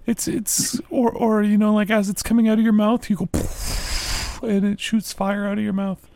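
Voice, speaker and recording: A man co-hosting a comedy podcast, talking in a deadpan, matter-of-fact way. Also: high-pitched, moderate pace, gravelly. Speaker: podcast co-host. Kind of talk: prank interview, casual chat.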